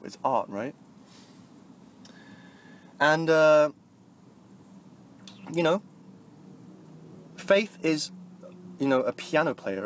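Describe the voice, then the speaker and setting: A young man vlogging into his phone in a free-flowing motivational ramble. He swears a lot and swings from soft mumbles to loud, half-sung bursts. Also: mid-range voice, slight background noise. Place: moving vehicle, talking to a phone.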